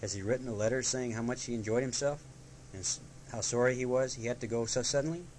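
A man's voice: medium pitch, fairly even intonation, fast talker, noisy background, pitched above the performer's own voice, lightly acted. A man voicing a fussy, self-important male rabbit with an officious, pompous manner in a storybook reading.

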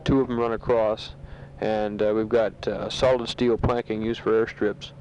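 A man who is a soldier, recording a casual spoken letter home from a sandbag bunker, talking matter-of-factly with a halting delivery full of fillers, on a dull home tape recording. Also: fairly low pitch, flat delivery, darkish tone, slight background noise. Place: sandbag bunker in a war zone.

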